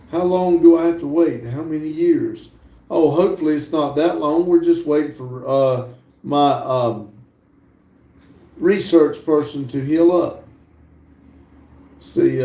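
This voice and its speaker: Gravelly man reading chat. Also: a little high. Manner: relaxed, chatty, laughs easily. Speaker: livestream host. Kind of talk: casual live stream, reading viewer chat aloud. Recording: roomy sound from a distant mic.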